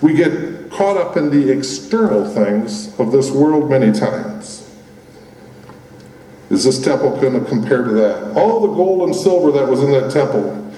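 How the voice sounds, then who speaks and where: A man preaches in a casual, talky way, stopping to restart his thoughts and leaning on fillers. His voice is mellow and dark-toned, sitting at an ordinary pitch. The sound is distant, with a long reverb tail from a big hall. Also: animated, normal speed. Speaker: pastor. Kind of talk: sermon. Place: church building that used to be a gym. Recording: roomy hall from far off.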